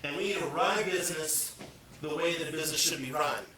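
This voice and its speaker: A fast-talking man with a slightly high voice leads a lively team meeting before a large audience, joking and firing questions at the room. He's far from the mic in an echoey room, with crowd sounds around him.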